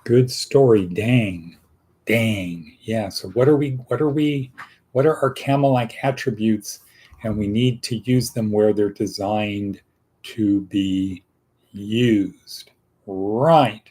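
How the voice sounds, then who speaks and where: A man hosting a casual motivational talk, slow and rambling, with quick asides. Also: on the low side, a little mellow, breathy edge. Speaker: host.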